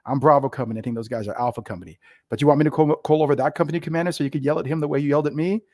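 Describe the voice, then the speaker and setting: Fast-talking New man telling stories. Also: fairly high pitch, dry recording, studio quality. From New York. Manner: animated, acts out bosses in quoted voices. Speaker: podcast guest, retired Marine officer. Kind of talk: casual storytelling.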